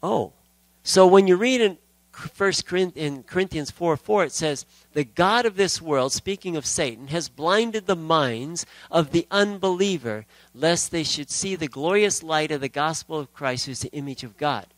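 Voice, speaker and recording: A man's voice: a little high, animated, normal speed, no room sound, poor audio. A man preaching a sermon in a conversational storytelling way, quoting scripture as he goes.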